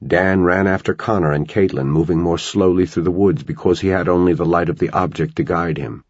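A man reading a novel aloud as an audiobook narrator, in a measured storytelling manner. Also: deep voice, fairly even intonation, darkish tone, no echo, muffled recording. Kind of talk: scripted narration.

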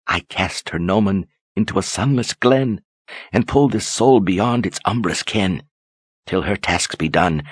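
A man voicing an old witch slowly chanting a rhyming spell, throaty and rhythmic. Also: on the low side, husky, no echo, voice pushed up.

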